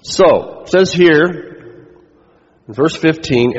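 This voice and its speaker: A man's voice: mid-range voice, lively intonation, a little slow, pauses often. A man preaching a sermon as pastor, chatting with the congregation and throwing questions back at them. His voice sits in a middle register. The recording is muffled and carries a long hall echo.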